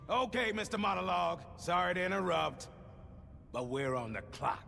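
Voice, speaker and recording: An actor playing a terse soldier on a radio channel in a video game. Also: male voice, sits high, animated, normal speed, creaky, pushed and bright, exaggerated voice. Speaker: game character. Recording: game audio with reverb and music.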